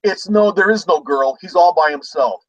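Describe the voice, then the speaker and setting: A man hosting a casual chat among resellers, telling an animated story and acting out people's shouts. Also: sits high, moderate pace, no room sound, distant mic, muffled recording. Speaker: host.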